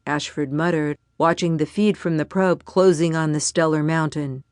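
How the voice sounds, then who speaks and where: In a clean studio recording with a dry sound, a woman reads an audiobook aloud, her low voice steady and even as she tells the story.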